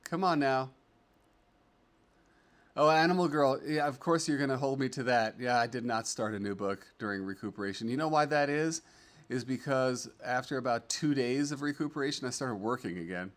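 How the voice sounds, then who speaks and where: A man's voice: mid-range voice, normal speed. A middle-aged man hosting a casual livestream, chatting and reading viewer comments aloud in an upbeat, rambling way with lots of fillers. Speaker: livestream host.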